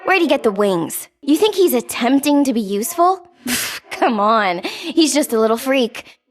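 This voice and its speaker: Bratty young goddess of strife, sarcastic drawl, mocking, high voice, swinging wildly up and down, video game. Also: female voice, sing-song, measured pace. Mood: taunting. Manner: mocking, flippant, calls the hero babe. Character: Eris, wild goddess of strife, taunting and gleeful. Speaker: game character.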